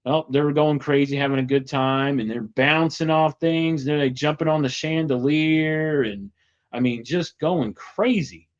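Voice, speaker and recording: A man's voice: a little high, unhurried. Rambling man with muffled lo-fi sound. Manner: chatty, rambling with many fillers. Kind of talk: casual retelling.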